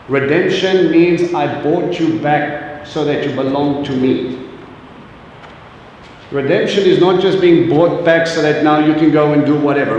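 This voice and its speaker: A man's voice: a little high, a little mellow, slight background noise. Echoey, distant man preaching conversationally. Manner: chatty, jokey, questions the audience directly. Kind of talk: informal sermon to a congregation. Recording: echoey hall, distant mic, faint ambience.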